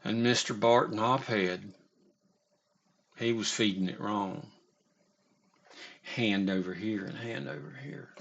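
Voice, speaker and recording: A man tells a story in an unhurried, drawn-out way, rambling and salting it with curses. He often breaks off and restarts his sentences. The recording sounds dull and lo-fi. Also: lowish voice, gravelly, fairly bright tone. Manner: rambling and profane, with halting restarts. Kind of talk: casual spoken storytelling.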